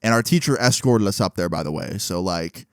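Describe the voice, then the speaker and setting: A man's voice: low-pitched, expressive, a little fast, clear, resonant tone, no echo, studio quality. A man telling a story in a casual, rambling way, full of filler words. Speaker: vlogger.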